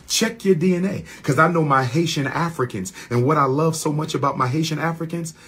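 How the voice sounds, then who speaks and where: Fiery husky-voiced man ranting. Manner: repetitive, preacher-like cadence, swings from low mutters to high shouted questions. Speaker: host of his own channel. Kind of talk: heated monologue rant.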